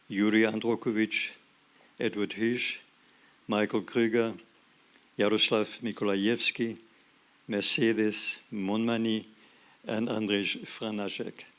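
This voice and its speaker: Slow, solemn man. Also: on the low side, fairly bright tone. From South Africa. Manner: slow, measured, solemn delivery. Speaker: award laureate. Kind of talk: formal acceptance speech.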